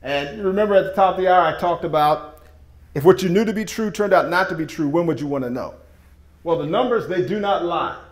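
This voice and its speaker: Speaking in a high-pitched voice at a fairly quick clip, a man presents sales slides to a seated audience with enthusiasm and folksy charm. The meeting room where he speaks is echoey.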